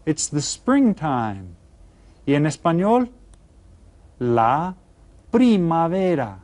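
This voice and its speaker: A man's voice: on the high side, big pitch swings, a little mellow. Upbeat man teaching Spanish to children. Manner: upbeat, cues students with counts, slow careful Spanish words. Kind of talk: recorded classroom video lesson for children.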